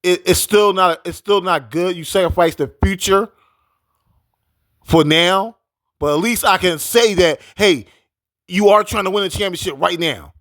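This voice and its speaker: A man's voice: high-pitched, measured pace, pauses often, a bit bright, dry recording. A man giving a casual, heated sports opinion rant. He repeats his points with emphasis. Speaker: sports commentator.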